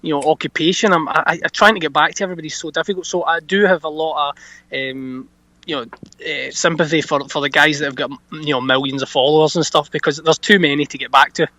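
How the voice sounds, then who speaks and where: A Scottish man, an actor, telling stories in a chatty, animated way during an interview. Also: on the high side, fast talker, dry recording. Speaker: actor guest. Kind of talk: casual anecdote-telling interview.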